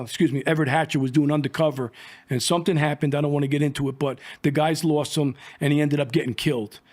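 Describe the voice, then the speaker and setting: A middle-aged man, telling rambling, profane stories from his years as an undercover agent and acting out the dialogue. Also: medium pitch. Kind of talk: casual storytelling.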